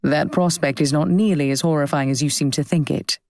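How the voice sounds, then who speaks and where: A woman narrator voicing a witty, teasing young gentleman with dry, mock-formal banter. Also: sits low, brisk, creaky.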